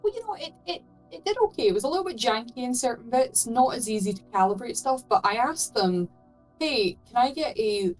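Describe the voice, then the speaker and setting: A woman's voice: fairly high pitch, animated, fairly quick, soft background music, rough recording. Casting note: woman co-streamer, chatty, tells anecdotes, casual swearing. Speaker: co-streamer guest. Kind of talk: casual chat while gaming.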